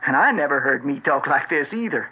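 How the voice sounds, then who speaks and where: A man's voice: medium pitch, lively intonation, fairly quick. An actor playing a slick western con man who talks in a florid, theatrical way, in 1940s radio acting. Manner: theatrical, florid, smooth-talking. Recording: tinny old radio broadcast.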